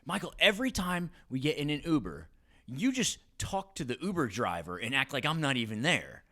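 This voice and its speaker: A man's voice: fairly low pitch, big pitch swings, quick pace, sharp tone, heavily acted. A man putting on a Southern accent to voice his exasperated middle-aged wife. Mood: nagging. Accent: put-on American Southern. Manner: nagging, exasperated.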